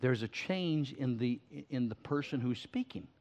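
An older male pastor preaching a sermon, folksy and animated, stumbling over his words and restarting as he goes. His voice sits at a middling pitch. The recording is slightly muffled. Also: measured pace. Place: church.

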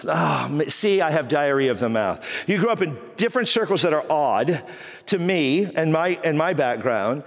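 Middle-aged male pastor, wry storytelling sermon, higher-pitched voice, echoing sanctuary. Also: lively intonation. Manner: joking, self-deprecating storyteller with quick asides. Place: church auditorium. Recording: hall reverb.

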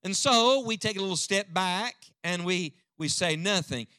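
A man's voice: high voice, normal speed, bright, forceful tone, no room sound, studio quality. An older man preaching a sermon to a live congregation in a rousing, dynamic way, calling for responses from the people. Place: church before a live congregation.

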